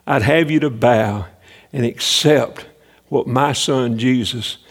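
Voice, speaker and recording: A man voicing God, slow and hushed. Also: mid-range voice, big-room sound, voice pushed down. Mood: solemn. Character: God, a gentle male deity.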